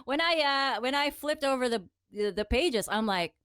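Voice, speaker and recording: A woman co-hosting a casual podcast, telling animated stories and laughing often. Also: high-pitched, moderate pace, clear, resonant tone, no room sound. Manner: animated storytelling with frequent laughter. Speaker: podcast co-host.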